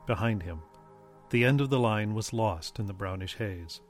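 A man reading a story aloud as an audiobook narrator, in a steady, even storytelling manner. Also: fairly low pitch, normal speed, faint music behind.

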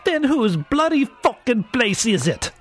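A man's voice: extremely high pitch, big pitch swings, measured pace, a little hiss or hum, pitched above the performer's own voice, exaggerated voice. A man doing a screaming, cursing male translator. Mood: enraged. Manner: snarling, cursing, shouting. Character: furious foul-mouthed male expedition translator.

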